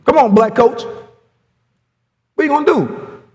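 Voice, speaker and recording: A man's voice: extremely high pitch, a little slow, big-room sound, pitched above the performer's own voice. A man putting on the voice of a defiant young football player who taunts his coach in a brash, challenging way.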